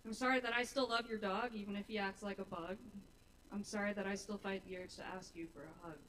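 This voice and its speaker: A woman's voice: mid-range voice, fairly even intonation, fast, a bit bright. A young woman performing her own rhyming spoken-word poetry at an open mic in a small bar, earnest and openly nervous. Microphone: stage mic. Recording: live room mic, somewhat distant, faint noise.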